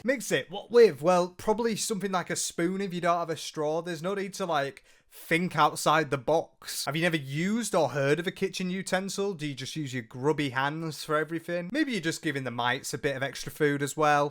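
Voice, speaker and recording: Exasperated British man, fairly high voice. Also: brisk, few pauses, fairly bright tone. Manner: exasperated, sarcastic, swears freely. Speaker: commentary channel host. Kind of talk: ranting commentary.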